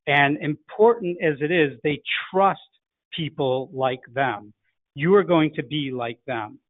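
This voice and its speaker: A middle-aged Chicago man with a local accent gives a sales lesson, coaching directly and acting out phone greetings. His voice is fairly high and a little slow. The sound is dry and tinny, like a phone line, with no echo.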